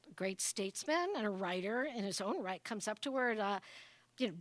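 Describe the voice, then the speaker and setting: A woman's voice: medium pitch, lively intonation, normal speed, no echo. A woman giving a humorous public address as a guest speaker, telling comic stories and often checking in with the audience. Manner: jumps into exaggerated voices for quotes. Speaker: guest speaker at an exhibit opening.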